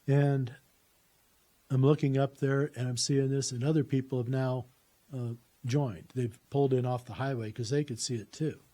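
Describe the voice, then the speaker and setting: A man's voice: mid-range voice, fairly even intonation, moderate pace, mellow. A middle-aged man telling his own faith story in a plainspoken, earnest way, with casual swearing. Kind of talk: personal testimony, conversational storytelling.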